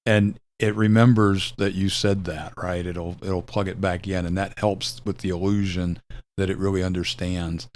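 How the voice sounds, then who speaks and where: An older man hosting a video, explaining a retro computer program in a relaxed, rambling way, with fillers and self-corrections. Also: deep voice, normal speed, slight background noise. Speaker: video host demonstrating retro software. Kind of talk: casual explanatory demo.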